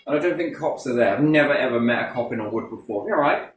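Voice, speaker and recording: A man's voice: medium pitch, quick pace. A man telling rambling, profane anecdotes in a casual chat, heavy on swearing. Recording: roomy, distant mic, faint noise.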